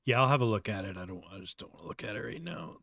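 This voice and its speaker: A man's voice: fairly low pitch, expressive, racing, vocal fry, fairly bright tone, no room sound. A man hosting a casual live tutorial, muttering to himself as he works and chatting through explanations with fillers. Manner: muttering to himself while working, trailing off. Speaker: host.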